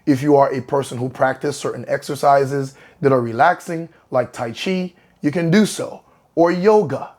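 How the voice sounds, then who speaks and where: A man who works as a hypnotherapist, talking gently and then leading a calm guided relaxation. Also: mid-range voice. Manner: slow, soothing guided instructions.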